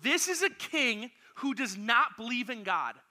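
A man's voice: very high voice, sing-song, a little slow, sharp tone. A man preaching to a youth group, energetically directing volunteers as he acts out a Bible story. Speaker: youth pastor.

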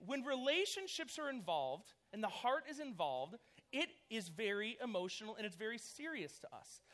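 A man's voice: sits high, normal speed. A man, preaching a casual sermon to young people, telling stories with lots of fillers. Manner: energetic, chatty storytelling with many fillers. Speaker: youth pastor.

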